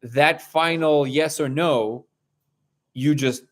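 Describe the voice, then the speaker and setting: A man's voice: fairly high pitch, slow, fairly bright tone. A man hosts a casual live stream and tells stories at length. He rambles, stops to restart his sentences, and puts on the lines of his story's figures as he goes. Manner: rambling storyteller, acts out dialogue. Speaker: livestream host.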